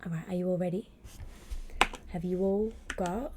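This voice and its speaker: A woman streaming live from home at a desk microphone, reading aloud and chatting in a gentle, wry voice that often drops to a half-whisper. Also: lowish voice, fairly even intonation, normal speed, long pauses, noisy background. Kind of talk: soft-spoken stream reading and chat.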